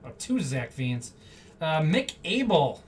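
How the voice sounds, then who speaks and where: Opening packs on a live stream, this card-break host talks slowly in a medium-pitched voice with big swings in pitch. The chatter is rambling and spontaneous, full of chatty asides, picked up by a slightly distant mic over a faint background hum.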